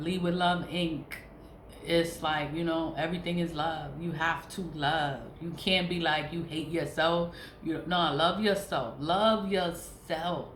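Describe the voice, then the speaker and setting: A woman in her forties, a nonprofit founder, talking candidly and rambling in a casual vlog, swearing freely, her voice going hoarse. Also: low-pitched, slight background noise. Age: 40s. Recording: roomy echo, faint ambience.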